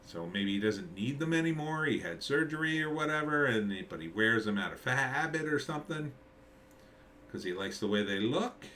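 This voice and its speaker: A man's voice: medium pitch, expressive, normal speed, bright, forceful tone, a little hiss or hum. A middle-aged man, a screenwriter, giving casual rambling commentary on a movie trailer, thinking aloud with many fillers and restarts. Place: at home with a dog nearby.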